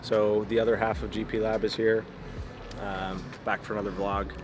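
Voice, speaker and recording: A man's voice: lowish voice, level tone, normal speed, noisy background. A young man, a racing driver, chatting casually in a vlog, upbeat and self-deprecating. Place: outdoors in a city, then at a race track. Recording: music playing under the voice.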